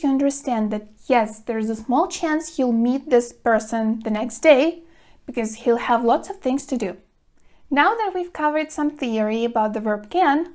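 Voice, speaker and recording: A woman teaching an English grammar lesson to camera, speaking clearly and deliberately, stressing words to show pronunciation. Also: high voice. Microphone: phone camera.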